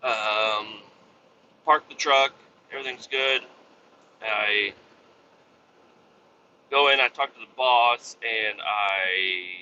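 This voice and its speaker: Bright-voiced guy rambling and swearing. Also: mid-range voice, muffled recording, slight background noise. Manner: rambling, profane, with many restarts and fillers. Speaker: podcast host. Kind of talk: casual storytelling monologue.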